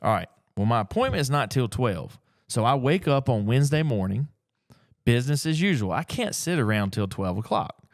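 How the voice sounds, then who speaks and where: A middle-aged man, telling a story in a casual, folksy, animated way as an antiques picker. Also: mid-range voice, normal speed, no echo, studio quality. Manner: animated, folksy, acts out the people in his stories. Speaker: antiques picker and auction dealer. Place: auction gallery.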